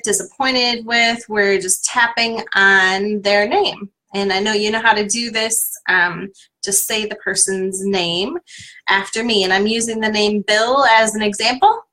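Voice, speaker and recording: Woman coach, bright voice, leads a tapping exercise and repeats a name for listeners to echo. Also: on the high side, steady tone, unhurried. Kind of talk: guided tapping exercise on a live stream.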